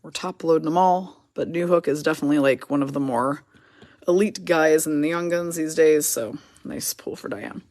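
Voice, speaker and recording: A woman hosting a live card break, her voice a bit lower than most. She works through player names and teams in quick lists and chats with viewers between cards. The sound is dry and close, with no room echo. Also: a little mellow.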